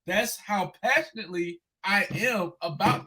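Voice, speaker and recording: A man co-hosting a casual sports podcast, animated and profane, ranting loudly when upset. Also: a little high, moderate pace. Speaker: podcast co-host.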